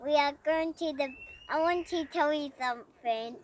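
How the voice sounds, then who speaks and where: A woman's voice: sits high, moderate pace, recorded from a distance, slight background noise. A young girl hosting her own vlog, chatting directly to viewers in a casual intro and sign-off. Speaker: vlog host.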